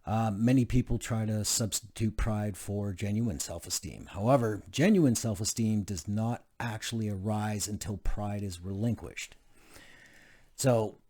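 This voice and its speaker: A man's voice: lowish voice, measured pace, warm tone. A man reading aloud from a book, with casual asides and frequent fillers. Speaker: channel host reading a self-help book.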